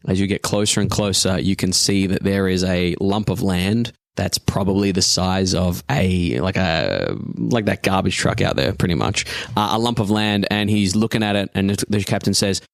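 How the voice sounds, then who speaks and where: A man's voice: deep voice, moderate pace, vocal fry, few pauses, no room sound. A man narrating a tabletop game as game master, describing scenes at length with frequent hesitations. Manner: descriptive, hesitant with many uhs.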